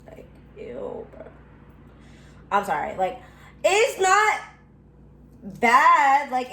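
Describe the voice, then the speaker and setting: This is a young female vlogger in her home kitchen, cooking, cursing and complaining with plenty of drama as she addresses her audience. Her voice sits on the high side with a fairly bright tone. Faint noise and room echo come through.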